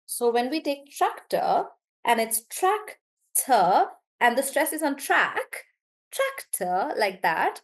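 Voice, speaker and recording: A woman teaching an online English class, sounding out words slowly to show syllable stress and correcting herself as she goes. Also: fairly high pitch. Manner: animated, drawn-out demonstration of syllable stress, self-correcting.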